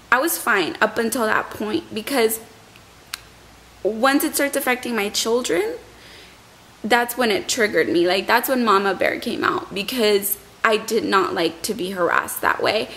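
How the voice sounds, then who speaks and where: Her voice is mid-range with a fairly bright tone, and the poor audio carries a little hiss or hum. Still rattled, this young vlogger tells a long, rambling, emotional story, often saying the same words again.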